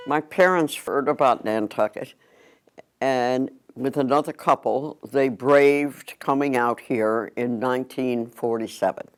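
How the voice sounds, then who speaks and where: An older man reminiscing slowly and reflectively in an interview. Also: medium pitch, smooth. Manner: slow, reflective.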